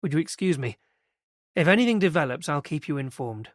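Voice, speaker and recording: A man voicing a police inspector who questions a witness in a calm, measured way. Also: on the high side, dry recording, studio quality, close to an everyday voice.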